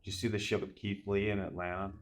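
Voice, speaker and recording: A man's voice: lowish voice, level tone, quick pace. A man hosting a casual podcast, chatty and rambling with lots of fillers. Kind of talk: casual chat.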